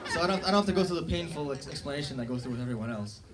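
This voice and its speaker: A man's voice: a little high, lively intonation, very fast, crowd noise. A young man doing a self-deprecating stand-up set on a comedy club stage, talking casually into a handheld mic, recorded live. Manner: conversational, self-deprecating, with fillers and asides. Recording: live club recording with loud audience laughter.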